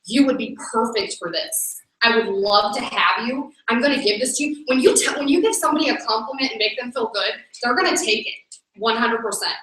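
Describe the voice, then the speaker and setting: A network marketing team leader, a woman with a fairly high voice and a fairly quick pace, gives an upbeat, energetic motivational talk in a meeting room, addressing the audience directly. The mic is far off and the room is echoey.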